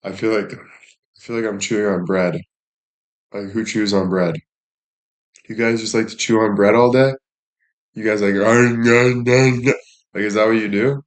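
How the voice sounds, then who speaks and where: A young man talks to his live-stream viewers in a fairly low, easygoing voice. He teases and jokes crudely, swearing freely as he chats and thanks people. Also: fairly even intonation, normal speed, long pauses. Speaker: livestreamer. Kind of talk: casual live-stream chat.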